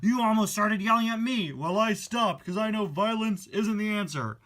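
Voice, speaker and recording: A man's voice: normal speed, a bit bright. A man voicing a preachy, peace-loving male hippie van in a toy-car play story, lecturing in a raised voice. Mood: defiant. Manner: high, preachy, sing-song lecturing.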